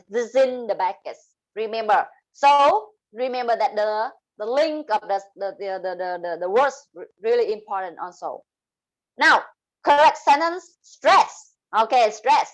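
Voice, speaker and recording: A woman with a Vietnamese accent teaching an English speaking class, explaining terms and slowly modeling example sentences. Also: on the high side, expressive, rough recording. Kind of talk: online class lesson.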